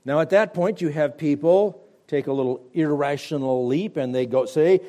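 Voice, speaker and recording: Emphatic radio preacher, mellow man's voice. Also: moderate pace, few pauses. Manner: emphatic preaching with wide swings from loud stresses to quiet, low endings. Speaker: pastor. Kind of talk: radio Bible teaching.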